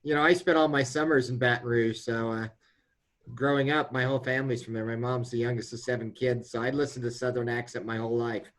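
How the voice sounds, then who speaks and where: Mid-pitched co-host, relaxed, relays what the audience says. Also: male voice, quick pace.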